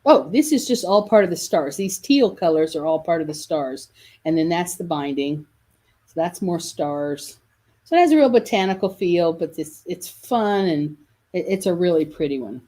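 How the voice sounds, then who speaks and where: A woman's voice: lowish voice, lively intonation, normal speed, dark tone. A woman hosting a live sales video for quilt kits, chatty and enthusiastic, often correcting herself mid-sentence. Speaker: shop host selling quilt kits.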